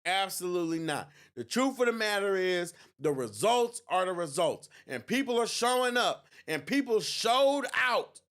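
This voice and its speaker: A man's voice: sits high, very animated, moderate pace, hardly any pauses, fairly bright tone. A man hosting a political livestream, talking in a gloating, mocking way and laughing often. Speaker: livestream host. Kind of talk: election night livestream commentary.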